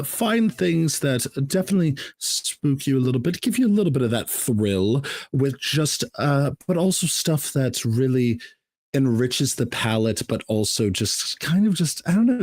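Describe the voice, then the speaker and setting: A man's voice: medium pitch, a little mellow, dry recording, studio quality. An American man co-hosting a film podcast, talking in a loose, rambling way. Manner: rambling, full of fillers and restarts. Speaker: podcast co-host. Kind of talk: casual chat.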